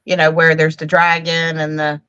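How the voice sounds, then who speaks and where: A woman in a casual live book chat who rambles through her stories with halting restarts. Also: low voice, monotone, pushed and bright, smooth, no echo, muffled recording.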